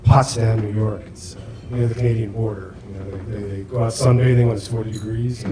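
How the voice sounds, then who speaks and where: Middle-aged man, stand-up comic, halting with fillers, self-deprecating, echoey club, room noise. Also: medium pitch, animated. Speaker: stand-up comedian. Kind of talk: stand-up routine. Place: comedy club stage. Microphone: handheld mic.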